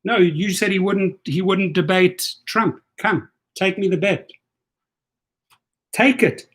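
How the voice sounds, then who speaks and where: A man's voice: high-pitched, slow pace. A man hosting a casual livestream, taunting a viewer in a combative, repetitive way. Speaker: livestream host.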